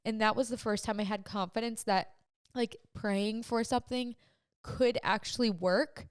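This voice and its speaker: A young woman with a smooth, clear voice tells a personal story on her podcast, recorded dry and close to the mic. She talks in an earnest, emotional, chatty way, with plenty of "like" in her speech. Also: a little high, steady tone, normal speed, dry recording. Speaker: podcast host.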